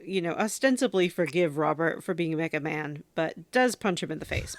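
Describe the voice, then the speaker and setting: Low-voiced woman podcaster, dry and close, chatty story recaps with frequent laughter. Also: lively intonation, normal speed, dry recording. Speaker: podcast co-host recapping a game. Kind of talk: casual chat.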